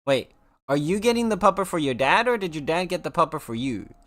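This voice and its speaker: A streamer chatting casually with viewers, gushing over pets with drawn-out exclamations and a cooing voice. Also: medium pitch, sing-song, fairly bright tone.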